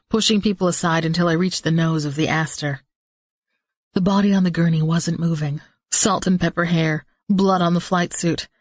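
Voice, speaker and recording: A woman reading a first-person audiobook in a tense, measured storytelling manner, close to the mic. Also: deep voice, dry recording. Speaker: audiobook narrator.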